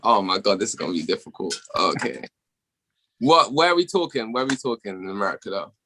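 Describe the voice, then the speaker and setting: A young British man chatting loosely as a podcast guest, with a lowish voice and an easy, unhurried delivery. He swears freely and laughs often. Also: expressive, pushed and bright, a little hiss or hum. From England. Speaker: musician guest. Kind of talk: casual podcast chat.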